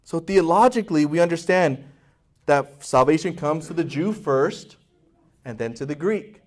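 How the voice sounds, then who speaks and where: A man's voice: a little high, lively intonation, normal speed. A male pastor preaching a sermon with passion, acting out voices in quotes and asking his congregation questions.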